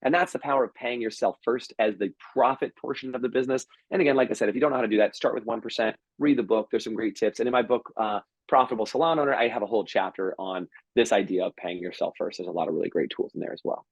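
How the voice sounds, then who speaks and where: Man, podcast guest, rapid emphatic delivery, husky voice, dry slightly muffled recording. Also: lowish voice, no echo. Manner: energetic storytelling, quick and emphatic. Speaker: salon business coach, podcast guest. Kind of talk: casual podcast interview.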